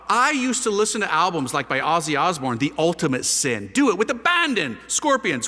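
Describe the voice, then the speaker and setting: A man with a fairly high, bright and forceful voice tells his story with big swings in pitch. He acts out the scenes with drama. Long reverb rings around him in a large hall. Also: sing-song, brisk. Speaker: priest giving his conversion testimony. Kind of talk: animated storytelling talk to an audience.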